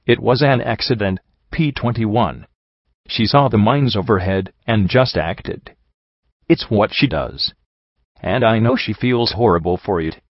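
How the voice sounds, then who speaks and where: A man's voice: on the low side, unhurried, no echo. A man voicing a blunt, snarky adult female pony who talks in a dry, matter-of-fact way, in a dry, slightly dull recording. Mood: calm.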